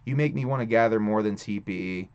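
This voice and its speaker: A man's voice: fairly low pitch, fast, darkish tone, clear, resonant tone. A young man hosting a live stream, rambling casually with lots of cursing and loose restarts. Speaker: streamer host. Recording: dull lo-fi stream audio.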